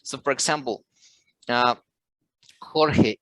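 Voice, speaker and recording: A man running an English class, speaking patiently and repeating his points as he quizzes his students. His voice sits a bit high for a man, and the sound is close and dry with no room to it. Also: measured pace, fairly bright tone, no room sound. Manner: switches into Spanish to explain. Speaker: English teacher. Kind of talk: online class lesson.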